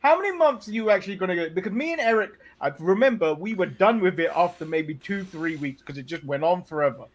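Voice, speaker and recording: High, lively-voiced English man, blunt. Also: fast talker, hardly any pauses. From England. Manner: blunt and joking, with restarts. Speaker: podcast co-host. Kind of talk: casual wrestling recap chat.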